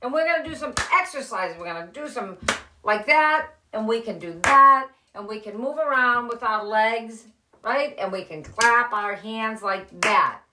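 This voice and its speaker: A middle-aged woman hosting a children's reading show, speaking gently and encouragingly to young kids as she reads a story and leads simple exercises. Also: fairly high pitch, animated, unhurried, roomy sound, noisy background. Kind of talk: reading aloud and leading kids' activities. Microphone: live-stream camera.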